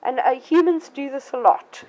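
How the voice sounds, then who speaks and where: A woman's voice: normal speed, muffled recording, slight background noise. A woman talking casually in a vlog about her puppies, outdoors in a garden with dogs around. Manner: chatty, warm toward the puppies, with sudden squeaky baby-talk to dogs. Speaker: dog breeder. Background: dogs barking now and then.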